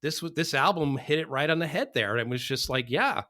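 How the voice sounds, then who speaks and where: Excitable man stammering through music talk. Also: on the high side, fairly quick. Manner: excitable, stammering restarts, self-described sci-fi geek. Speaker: podcast co-host. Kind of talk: casual music chat.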